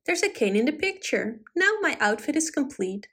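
A woman voicing a proud, excited young tomcat in a storybook. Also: sits high, normal speed, pitched above the performer's own voice, exaggerated voice.

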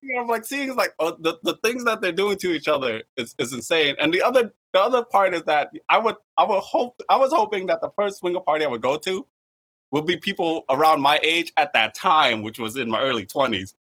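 Bright, animated young man telling a story. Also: on the high side, brisk. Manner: animated, laughing, swearing, lots of fillers. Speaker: podcast guest storyteller. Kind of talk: casual storytelling chat.

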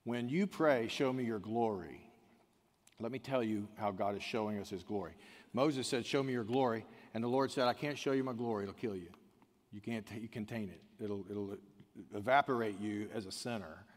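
A man preaching a sermon, swinging from quiet, intimate passages to loud, shouted emphasis. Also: on the low side, moderate pace. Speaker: pastor. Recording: long hall reverb.

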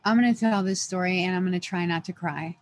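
A woman's voice: lowish voice, quick pace. A woman who is a podcast guest, earnestly telling an emotional personal story and acting out the dialogue as she goes. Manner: earnest, lively retelling with quoted dialogue.

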